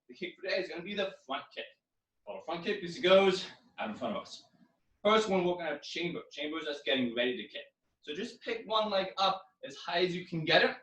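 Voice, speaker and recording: Young male karate coach, echoey room. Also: on the high side. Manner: coaching, counting drills with loud yells. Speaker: karate instructor. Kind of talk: online exercise class. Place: living room. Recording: echoey room, far from mic.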